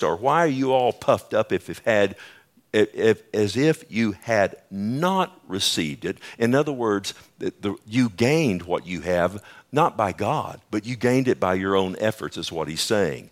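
Male pastor, lowish voice, preaching a sermon with emphatic rises and rhetorical questions. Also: expressive, moderate pace.

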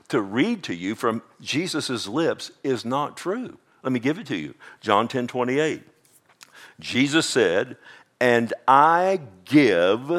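A man preaching a sermon to a congregation, emphatic and repetitive, who often asks "amen?" and swings between loud exclamations and hushed asides. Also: medium pitch.

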